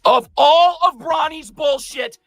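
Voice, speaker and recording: A man breaking down basketball game film, profane and exasperated, often yelling at the player on screen. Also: very high-pitched, takes it slowly, faint music behind. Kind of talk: heated film breakdown commentary.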